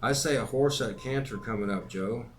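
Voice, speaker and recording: A man reading aloud and voicing an anxious, gruff English stagecoach driver in a raised, urgent voice. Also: mid-range voice, normal speed, slight background noise, close to an everyday voice. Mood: wary.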